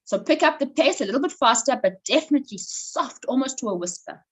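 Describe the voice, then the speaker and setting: Animated woman coaching. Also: sits high, fairly quick, husky, rough recording. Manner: animated, instructive, coaxing participants. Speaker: voice coach running a workshop. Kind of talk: online workshop coaching. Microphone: video call.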